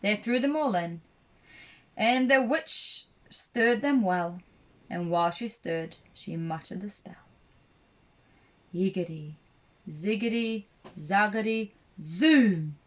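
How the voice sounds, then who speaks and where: A woman narrating a rhyming children's story for a puppet show, slow and expressive. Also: mid-range voice. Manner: slow, expressive read-aloud.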